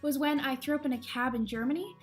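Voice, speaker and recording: A woman's voice: high voice, steady tone, fast, soft background music. A young woman casually telling embarrassing travel stories to camera, chatty and self-deprecating, laughing often. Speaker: vlogger.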